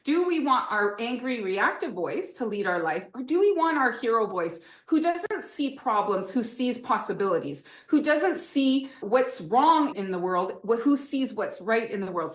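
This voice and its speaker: Animated encouraging woman educator. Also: a little high, measured pace, few pauses, reverberant. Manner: animated and encouraging, with rhetorical questions. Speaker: author and educator guest. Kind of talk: enthusiastic teaching talk in an interview.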